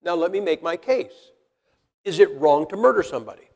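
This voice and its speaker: Gravelly man preaching in a hall. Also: a little high, animated, fairly quick, darkish tone. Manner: blunt, folksy, rhetorical questions to the congregation. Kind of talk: sermon. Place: church hall with congregation. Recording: long reverb of a large hall.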